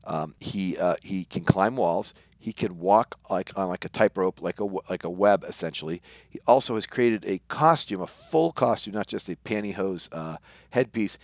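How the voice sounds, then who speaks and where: A man's voice: low voice, moderate pace, dry recording, studio quality. Man retelling a comic story. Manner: retells the story, briefly acting out lines. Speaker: podcast co-host. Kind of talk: casual comic book discussion.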